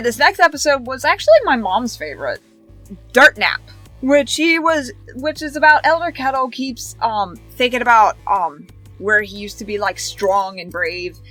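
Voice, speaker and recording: A woman's voice: mid-range voice, sharp tone. A woman recapping cartoon episodes in a casual, rambling way, chaining events with "and then" and "like", with giggly asides. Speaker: show reviewer.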